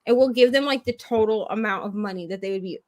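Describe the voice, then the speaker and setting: A woman hosting a casual reading livestream, chatting and telling a lively story about her fast-food job, acting out customers' voices. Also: medium pitch, no room sound. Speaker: channel host.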